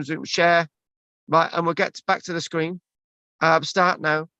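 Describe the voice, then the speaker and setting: A man's voice: on the high side, flat delivery, takes it slowly, bright, forceful tone, clear, resonant tone, no echo. A man hosting a casual video call chat, talking in a rambling way with many restarts and fillers. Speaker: presenter. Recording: dull lo-fi video call audio.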